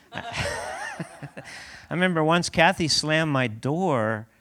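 A man's voice: fairly high pitch, huge pitch swings, very slow, a bit bright. Chatty man preaching with a laugh. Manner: chatty, laughs often, asks rhetorical questions. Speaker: pastor. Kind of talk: conversational sermon.

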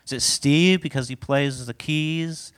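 A man's voice: on the high side, a little slow, clear, resonant tone. Chatty man preaching with a laugh. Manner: chatty, laughs often, asks rhetorical questions. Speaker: pastor. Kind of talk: conversational sermon.

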